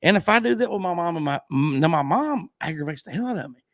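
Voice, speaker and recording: A man's voice: high voice, animated, fairly quick, no echo. A man hosting a casual livestream chat, telling rambling stories and laughing often. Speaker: podcast host.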